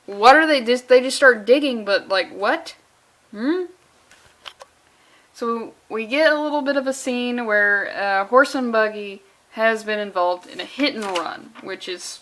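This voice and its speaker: Bright sarcastic young woman. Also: fairly high pitch. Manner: sarcastic, rambling, profane asides. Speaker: comic book reviewer. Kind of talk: casual comedic commentary.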